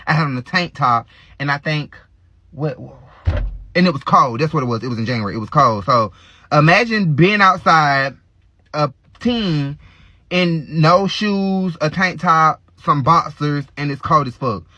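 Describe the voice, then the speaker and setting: A man's voice: on the high side, expressive, unhurried, sharp tone, dry recording, muffled recording. A man telling a graphic personal story in a casual vlog, speaking straight to his viewers in a raw, unfiltered way. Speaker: storytime vlogger.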